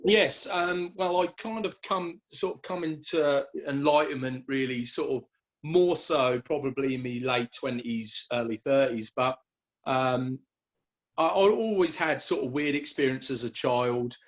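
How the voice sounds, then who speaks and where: A man, a guest telling his story in a relaxed interview, often hesitating with fillers and restarts. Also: mid-range voice, measured pace. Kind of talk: conversational interview.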